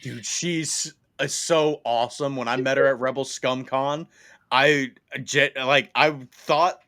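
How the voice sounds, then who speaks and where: A man hosts a casual podcast chat and tells stories in a relaxed, easygoing way. He laughs often and drops in casual swearing. His voice sits at an ordinary middle pitch. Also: a little slow. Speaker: podcast host.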